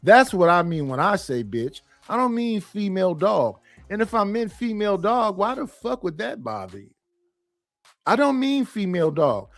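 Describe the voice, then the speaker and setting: A man's voice: high-pitched, very animated, normal speed, no room sound. A middle-aged man talking bluntly and profanely on a panel, rambling and stopping to restart his sentences. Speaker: panel guest. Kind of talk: casual opinion talk.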